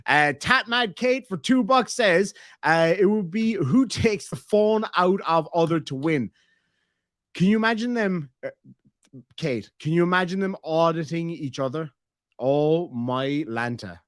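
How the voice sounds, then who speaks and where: A man's voice: a little high, animated, unhurried, a bit bright, no echo, clean studio sound. An Irish man hosting a casual stream, reading member messages aloud in a joking, crude, rambling way. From Ireland. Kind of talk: casual reaction stream chat.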